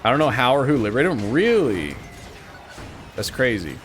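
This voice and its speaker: A man's voice: medium pitch, moderate pace, faint music behind. A man in his twenties from Missouri, chatting casually and sarcastically with his stream viewers. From Missouri, USA. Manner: animated, joking and sarcastic.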